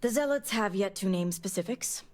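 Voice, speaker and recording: A woman's voice: medium pitch, expressive, darkish tone, natural voice. A woman playing a secretive noble elder. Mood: stern. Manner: measured, formal, secretive. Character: female noble elder, guarded spymaster. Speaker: game character.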